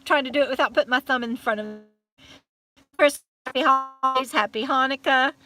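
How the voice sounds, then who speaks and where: A woman hosting a live stream chat, warmly thanking viewers by name and trailing off with fillers as she signs off, still a little emotional from crying. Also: high voice, a little fast, faint music behind. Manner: chatty and affectionate, reading out viewer comments with many fillers.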